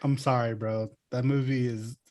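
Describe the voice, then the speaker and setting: A man's voice: medium pitch, fairly even intonation, normal speed, darkish tone. A man co-hosting a podcast in casual chat, laughing often and teasing his co-hosts with contrary opinions. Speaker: podcast co-host.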